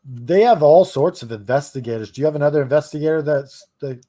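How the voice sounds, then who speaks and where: A man co-hosting a podcast, chatting casually, hesitant with his words and quick to laugh. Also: a little high, warm tone. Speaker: podcast co-host.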